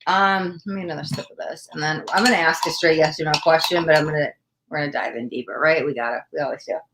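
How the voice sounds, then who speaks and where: A woman's voice: sits low, fairly even intonation, fast talker, a bit bright, slight background noise. A woman from the United States hosting a livestream tarot reading, gushing with thanks and chatting casually with lots of "like" and "oh my God.".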